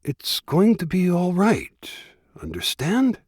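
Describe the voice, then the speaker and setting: A man's voice: fairly high pitch, big pitch swings, moderate pace, husky, no room sound, studio quality. A man voicing a frustrated, condescending adult man in an audiobook, snapping and reassuring by turns.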